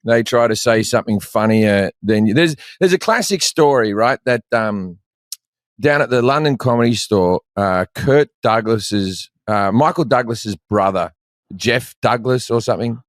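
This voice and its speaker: A man's voice: on the low side, a little slow, no room sound, studio quality. A man in his forties with an Australian accent, a comedian rambling through stories in casual chat and swearing freely. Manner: profane, storytelling, rambling. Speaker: comedian guest.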